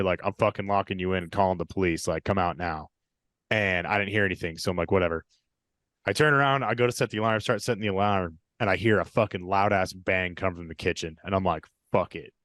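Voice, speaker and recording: A man's voice: fairly low pitch, a bit bright, dry recording, clean studio sound. A young man casually retelling a spooky story, full of swearing and quoted dialogue. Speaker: podcast storyteller.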